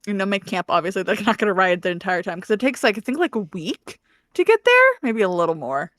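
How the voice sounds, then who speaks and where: A woman's voice: mid-range voice, sing-song, fast talker, a bit bright, dry recording. A woman co-hosting a book podcast, casually recapping chapters, laughing often and acting out characters' lines. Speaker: podcast co-host.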